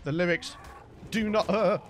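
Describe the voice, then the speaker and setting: A man commentating his own gameplay, shouting and exclaiming, teasing his in-game pets, his voice getting worn. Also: high-pitched, a little slow. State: losing his voice. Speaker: gaming channel host. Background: game background music.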